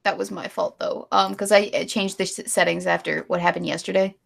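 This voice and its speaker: A woman's voice: lowish voice, flat delivery, fairly quick, gravelly, a bit bright. A woman co-hosting a casual live stream, ranting with strong opinions and reading viewer donations. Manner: opinionated ranting, then giggly and apologetic. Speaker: stream co-host.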